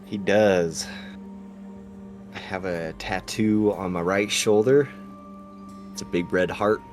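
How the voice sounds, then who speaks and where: A man playing a tabletop game, describing his character in a rambling, halting way with fillers. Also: deep voice, darkish tone, soft background music. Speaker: player. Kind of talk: casual tabletop play.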